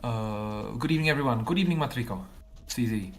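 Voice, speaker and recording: A man's voice: medium pitch, expressive, fast talker. A man, a game developer, chatting casually on a livestream and thinking aloud in loose, rambling explanations full of repeated fillers.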